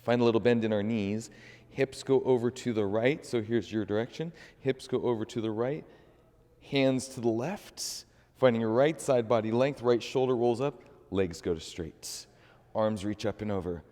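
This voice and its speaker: A man leading a guided yoga class, calmly cueing each breath and movement. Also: mid-range voice, normal speed, big-room sound. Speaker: yoga instructor.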